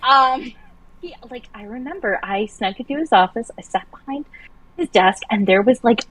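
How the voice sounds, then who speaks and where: A woman's voice: a little high, lively intonation, normal speed, rough recording. A woman on a livestream, chatting casually and telling a long dream story with many restarts. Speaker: livestream co-host.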